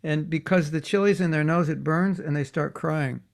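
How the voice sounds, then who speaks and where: A man teaching a class for children, telling stories in an animated way and acting out the voices he quotes. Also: on the high side, moderate pace, vocal fry.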